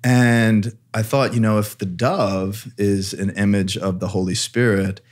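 A man's voice: fairly low pitch, steady tone, unhurried. A man who is a priest, co-hosting a casual panel discussion and sharing reflective personal stories with easy laughter. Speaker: priest and co-host.

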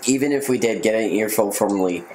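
A man voicing an excitable teenage boy who is the hero's rival in a game, reading his lines a little higher than his own voice. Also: a little fast, close to an everyday voice. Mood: eager. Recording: roomy echo, faint noise.

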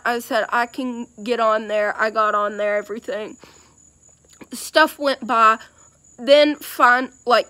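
A woman's voice: a little high, pushed and bright, no echo. A young woman telling a personal story in a casual, rambling way with many fillers and hesitations.

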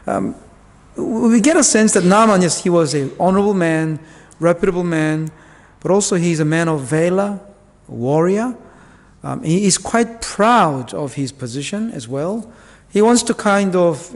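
Preaching with a fairly high, darkish-toned voice, a male pastor walks through Bible verses in a conversational style full of asides and fillers. The church hall gives the recording a long reverb.

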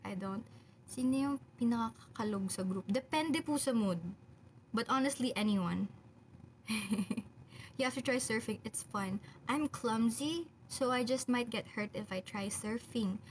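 A woman's voice: a little high, measured pace, slight background noise. A young woman with a Filipino accent, chatting casually on a livestream, reading viewer comments aloud and answering them with frequent laughter. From Philippines. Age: young adult. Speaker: idol group member on a livestream. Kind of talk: casual livestream chat, mixing English and Filipino.

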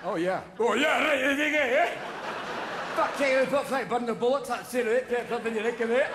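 A man's voice: very high voice, moderate pace, echoey room, a crowd in the background. A man doing a garbled drunk Scotsman. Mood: garbled rowdy. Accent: Scottish. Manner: mumbled, garbled, then shouting. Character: drunk unintelligible Scotsman, rowdy and insulting. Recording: live theater recording with audience noise.

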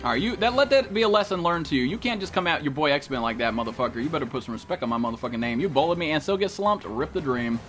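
A man's voice: on the high side, animated, fast, hardly any pauses, a bit bright, faint music behind. A young man streaming a video game, talking to his chat with brash, profane trash talk. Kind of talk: live gameplay commentary.

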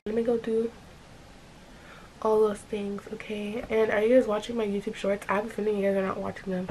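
A woman's voice: medium pitch, level tone, brisk, darkish tone, slight background noise, poor audio. A young woman vlogging to her phone camera in her bedroom, rambling and chatty with lots of "like", a little stuffy from allergies. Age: young adult. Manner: rambling, chatty, heavy use of "like". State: stuffy from allergies and a runny nose. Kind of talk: casual vlog chat to camera. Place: bedroom at home.

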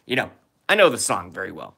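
A man's voice: lowish voice, sing-song, fast talker, creaky, sharp tone, husky. A man chatting casually on his live stream, rambling, sarcastic and profane, often repeating himself.

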